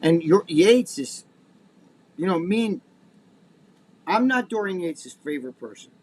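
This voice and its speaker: A man's voice: sits high, very animated, measured pace. A middle-aged man co-hosting a casual podcast, telling stories in a rambling, profane way full of restarts. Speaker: co-host.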